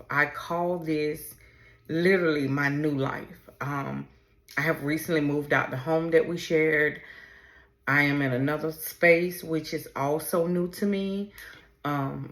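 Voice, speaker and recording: A woman in her forties hosting a personal podcast, talking in a halting, emotional way as she fights back tears. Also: low voice. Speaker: podcast host. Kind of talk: personal podcast talk on camera. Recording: roomy echo.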